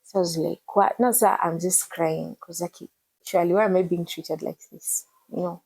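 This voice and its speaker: A woman, telling her personal story in an emotional, animated way as an interview guest. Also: fairly low pitch, moderate pace, creaky, breathy edge, poor audio. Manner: earnest, animated retelling with code-switching.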